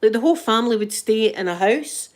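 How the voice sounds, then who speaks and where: Animated and a little fast, with a fairly high pitch, this middle-aged Scottish livestream host chats casually and responds to live comments, telling stories that keep restarting and breaking into laughs.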